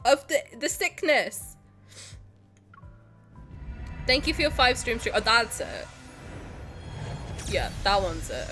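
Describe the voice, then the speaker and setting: A woman's voice: mid-range voice, sing-song, unhurried, bright, forceful tone, soft background music. A woman streamer swearing playfully and ranting in mock anger while she plays a game and chats with her audience at home. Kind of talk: live-streamed game play with chat.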